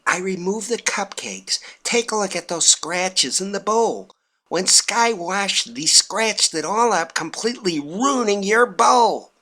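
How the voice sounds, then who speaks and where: A man voicing his smug, gleeful wife, calm and nonchalant with a snarky edge. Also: fairly high pitch, moderate pace, few pauses, exaggerated voice. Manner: nonchalant, matter-of-fact.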